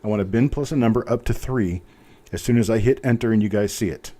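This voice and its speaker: Hosting a live coin auction, this fast-talking man has a lowish, warm voice. He keeps up a chatty, self-mocking patter while typing and calling out the bidders.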